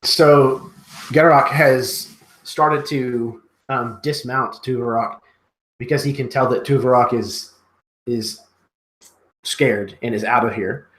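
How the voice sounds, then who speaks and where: A man playing in a tabletop role-playing game, describing his character's actions in a measured way. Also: mid-range voice, steady tone, a bit bright, echoey room, poor audio. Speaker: player.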